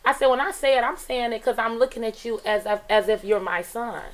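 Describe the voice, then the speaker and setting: Woman, middle-aged, teacher, lively storytelling, slightly higher voice. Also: a little fast, low-quality recording. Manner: animated, acts out dialogue in her stories. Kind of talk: casual storytelling on a radio talk show.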